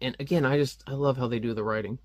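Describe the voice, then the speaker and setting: A man's voice: medium pitch, fairly even intonation, fast, darkish tone, dry recording. A man reviewing a comic book in casual, rambling commentary, with lots of offhand fillers.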